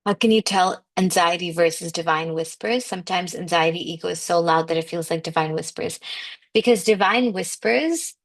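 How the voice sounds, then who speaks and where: A woman's voice: fairly low pitch, gravelly, fairly bright tone. Emphatic woman giving a spiritual pep talk. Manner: emphatic, conversational, peppered with "like". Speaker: manifestation coach.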